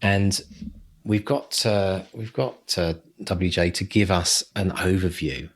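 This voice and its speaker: A man's voice: low-pitched, takes it slowly. A man co-hosting a podcast in an upbeat, chatty way. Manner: upbeat, chatty, laughs easily. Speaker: podcast co-host. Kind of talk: casual chat.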